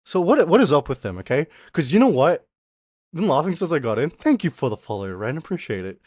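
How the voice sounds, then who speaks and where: A man from Australia, streaming and ranting through a casual story in an animated, profane way. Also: on the high side, fairly quick, dry recording, studio quality. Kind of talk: casual ranting livestream chat.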